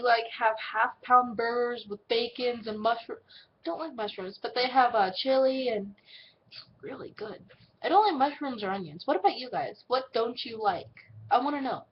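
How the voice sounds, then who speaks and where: A woman's voice: on the high side, highs cut off, a little hiss or hum. A seventeen-year-old girl, answering viewer questions in a casual vlog, blunt and swearing freely, acting out what people say in little put-on voices. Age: teens.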